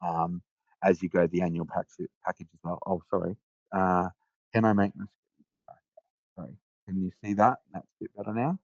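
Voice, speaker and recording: A man presenting a live software demo on a webinar, talking casually with lots of fillers and restarts. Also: lowish voice, no room sound, dull audio.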